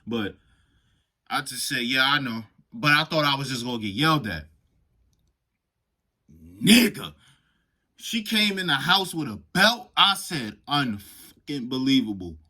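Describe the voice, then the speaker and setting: A young man casually telling a profane, animated storytime vlog. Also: fairly high pitch, measured pace, long pauses. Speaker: vlogger.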